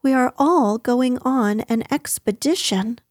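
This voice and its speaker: A woman's voice: fairly high pitch, expressive, measured pace, darkish tone, no echo, studio quality. A woman voicing a cheerful, slightly bossy young boy leading his friends. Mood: confident.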